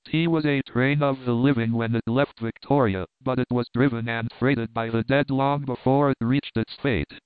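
A stern, domineering old professor, as a man reads him aloud, lecturing with severe, lofty certainty. The voice is smooth and clear, but it sounds dry and thin, like it is coming through a phone line. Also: medium pitch, steady tone, normal speed, few pauses, no echo, natural voice.

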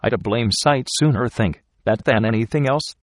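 A man voicing a weary, uneasy frontier trail driver who talks in rough backwoods dialect, grave and insistent. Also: mid-range voice, moderate pace, dry recording, studio quality, close to an everyday voice.

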